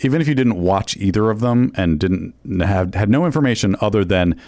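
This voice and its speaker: A man chatting casually on a comedy podcast, wry and quick to laugh. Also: lowish voice, lively intonation, darkish tone, no room sound. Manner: wry, laughs often, swears.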